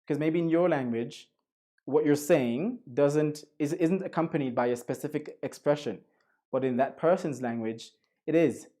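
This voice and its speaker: A man's voice: fairly high pitch, dark tone. A man from Jamaica, giving a chatty online lecture with Spanish asides. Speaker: guest lecturer.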